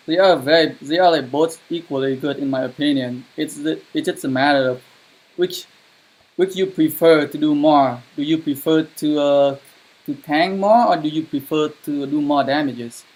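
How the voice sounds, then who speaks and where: A man with a slightly high voice streams a strategy game live and talks through every move. He swears freely and flares up in frustrated bursts, and his English grammar slips here and there like a non-native speaker's. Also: darkish tone, rough recording. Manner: swears a lot, frustrated outbursts. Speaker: gaming streamer. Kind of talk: live gameplay commentary.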